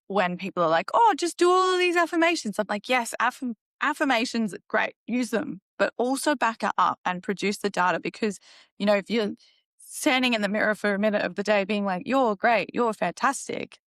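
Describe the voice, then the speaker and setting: A woman hosting a podcast talks in emphatic, animated bursts from a middle register. She puts her points firmly in a conversational way. The recording is close and dry. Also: mid-range voice, moderate pace, no room sound. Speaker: podcast host.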